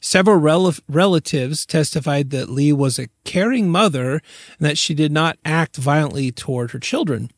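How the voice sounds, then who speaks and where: A man's voice: a little high, normal speed, no echo, clean studio sound. A man hosting a podcast, recounting a case in casual chat and laughing easily. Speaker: podcast host.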